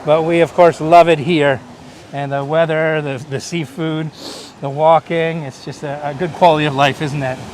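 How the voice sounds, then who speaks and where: A man raised in Canada hosts a live-streamed coastal walking tour, chatting easily and pointing out sights to viewers. His voice sits a little high. Faint outdoor noise runs behind him. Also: steady tone, normal speed, hardly any pauses, darkish tone. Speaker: host.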